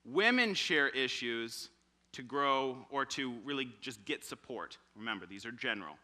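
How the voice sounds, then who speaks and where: A man's voice: medium pitch, normal speed. A young man in his twenties preaching a sermon in church, telling stories and acting out quotes with energy. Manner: animated storytelling with acted quotes.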